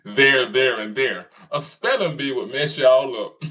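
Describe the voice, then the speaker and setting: A man's voice: medium pitch, extremely slow, long pauses, sharp tone, slightly rough. A man, taunting and laughing as he reads viewer comments in casual commentary. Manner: mocking, laughs often, taunting the audience. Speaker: commentary streamer reading comments.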